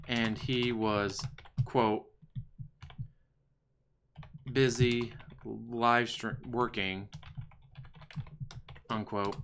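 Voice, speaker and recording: A man's voice: medium pitch, noisy background. A man hosting a casual livestream, commenting on videos in a profane, sarcastic, mocking way. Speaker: stream host.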